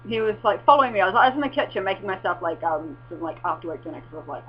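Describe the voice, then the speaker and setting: A woman's voice: medium pitch, racing, hardly any pauses, faint music behind. Rambling, swearing woman on a dull lo-fi recording. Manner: rambling, swears, excitable exclamations. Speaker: vlogger. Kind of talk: casual rambling chat. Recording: dull lo-fi with faint mains hum.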